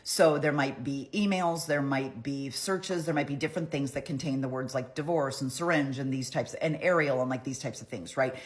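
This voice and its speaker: A woman's voice: very deep voice, moderate pace, hardly any pauses. A middle-aged woman giving a chatty, opinionated trial recap, often acting out what people said. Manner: chatty, opinionated, acts out quotes. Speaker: trial commentary vlogger. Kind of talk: casual trial recap commentary.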